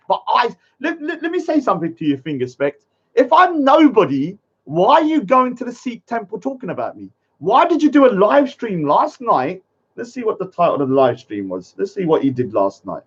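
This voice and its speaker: A man's voice: high-pitched, sing-song, normal speed, slightly rough, muffled recording. A young man ranting indignantly on a live stream, often checking in with "yeah?". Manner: indignant, repetitive, addresses viewers with "yeah?". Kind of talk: heated live-stream rant.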